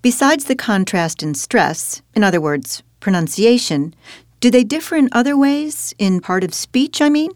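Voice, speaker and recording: A woman's voice: fairly high pitch, expressive, moderate pace, no echo, studio quality. A woman in a scripted teaching dialogue who leads by asking questions and correcting her partner. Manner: quizzing, leading with questions.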